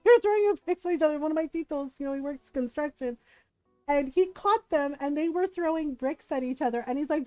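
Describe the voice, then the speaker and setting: High-voiced woman rambling through a story. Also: fairly quick, warm tone, no room sound, faint music behind. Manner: rambling, laughs often, many fillers. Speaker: live streamer. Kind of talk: casual storytelling while gaming. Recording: slightly muffled stream audio.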